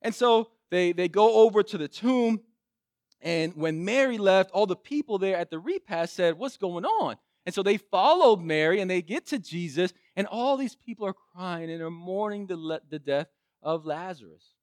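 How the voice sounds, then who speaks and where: A male preacher retelling a Bible story in an animated sermon, with frequent restarts. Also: high-pitched, normal speed, no room sound, studio quality.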